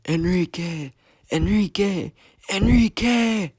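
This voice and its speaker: A man's voice: flat delivery, a little fast, no room sound, studio quality, natural voice. A man voicing a desperate, hot-tempered young man who pleads and cries out. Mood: anguished. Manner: pleading, raises his voice high.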